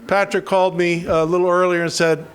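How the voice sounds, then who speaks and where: A man from western Pennsylvania emceeing a political rally, halting with many restarts and self-deprecating jokes. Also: high-pitched, little pitch movement, clean tone.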